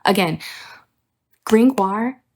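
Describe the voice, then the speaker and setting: A woman's voice: medium pitch, drawn-out words. A young adult woman hosting a casual book review video, ranting with plenty of swearing. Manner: ranting, profane, animated.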